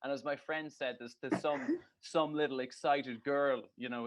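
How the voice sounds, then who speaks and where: A man's voice: mid-range voice, fairly even intonation, normal speed, few pauses. A man co-hosting a casual podcast chat, telling stories in a ranting, sweary way and laughing at himself. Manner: ranting, sweary, laughing at his own story. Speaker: podcast co-host. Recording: dull lo-fi podcast audio.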